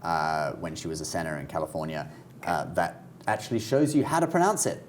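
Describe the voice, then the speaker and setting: A man's voice: deep voice, expressive, brisk, slight background noise. A man with a British accent co-hosting a casual discussion show, easygoing and often chuckling as he talks. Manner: easygoing, chuckles through remarks. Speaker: show co-host.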